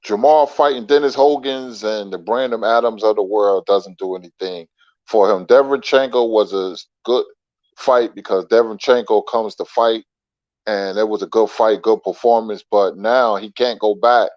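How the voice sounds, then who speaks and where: A man's voice: lowish voice, moderate pace, darkish tone, dry recording. A man who is a guest on a boxing livestream, giving his boxing opinions in a plain, direct way over a glitchy connection. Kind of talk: casual call-in boxing talk. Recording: dull, glitchy call audio with faint music.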